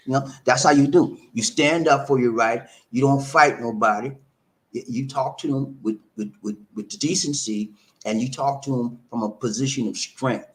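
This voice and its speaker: A man's voice: mid-range voice, moderate pace. A man hosting a live stream, casually telling viewers a story, repeating words and acting out the dialogue. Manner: animated, repeats words, acts out quoted dialogue. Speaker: live-stream host reading viewer comments.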